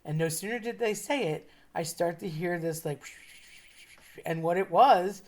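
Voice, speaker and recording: A woman's voice: lowish voice, normal speed, a little mellow. A woman telling a casual personal anecdote in a chatty way, laughing now and then as she talks. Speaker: storyteller.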